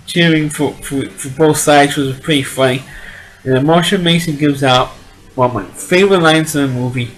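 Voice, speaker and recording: A man's voice: a little high, poor audio. A man giving a casual spoken movie review, rambling along and often repeating and restarting his words.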